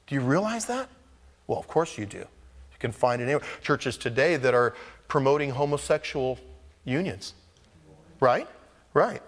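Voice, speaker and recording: A pastor delivers an animated sermon in a middle-pitched male voice, jumping from near-shouts to hushed asides. His words ring out with a long reverb, as if recorded in a large church hall. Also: normal speed, pauses often. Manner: animated preaching, swinging between loud exclamations and hushed asides.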